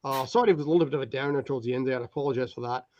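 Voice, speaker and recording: A man's voice: medium pitch, very fast, a little mellow, lo-fi sound. A man hosting a podcast, chatting in a loose, jokey way and swearing often. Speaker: podcast host. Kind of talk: casual comedic chat.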